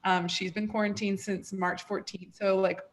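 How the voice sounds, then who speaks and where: A woman co-hosting over a video call from home, relaxed and laid-back. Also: medium pitch, moderate pace. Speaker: co-host. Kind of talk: casual chat on a video call.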